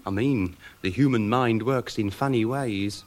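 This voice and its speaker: A man's voice: fairly low pitch, a little slow, darkish tone, lightly acted. A man doing a prim, flustered pier co-owner. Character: fussy, mother-led male pier co-owner. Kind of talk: 1990s radio sitcom acting. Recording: hissy archive radio broadcast.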